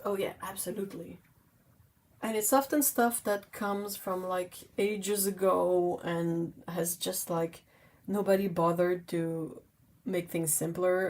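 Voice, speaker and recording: A woman's voice: fairly low pitch, a little mellow. A woman whose first language is French, hosting a livestream in a rambling, playful chat, often giggling and poking fun at herself. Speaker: livestream host. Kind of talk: casual chat while painting.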